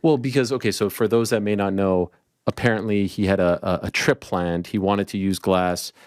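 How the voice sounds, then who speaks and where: A man's voice: low voice, steady tone, normal speed, no room sound, studio quality. A man interviewing a guest, asking probing questions and recapping events for the audience.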